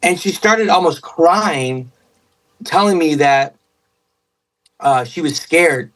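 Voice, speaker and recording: A man, a podcast guest, telling a story in casual chat in an excitable, rambling way with many restarts. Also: on the high side, takes it slowly, recorded from a distance, a little hiss or hum, poor audio.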